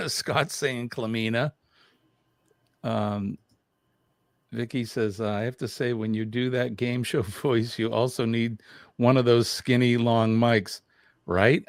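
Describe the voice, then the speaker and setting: A man's voice: mid-range voice, no echo, studio quality. An older man hosting a casual live stream, chatting and reading viewer comments aloud with lots of fillers.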